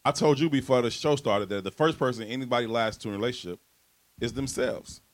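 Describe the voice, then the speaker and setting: Co-hosting a relaxed podcast, a man talks quickly in a mid-range voice. He's reflective and easygoing, with frequent restarts as he speaks.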